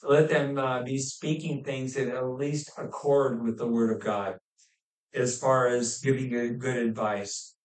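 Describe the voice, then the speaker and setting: Halting male preacher in an echoey room. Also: mid-range voice, fairly even intonation. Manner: halting, with many fillers and restarts. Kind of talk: expository sermon. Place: church hall. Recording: echoey room, mic at a distance.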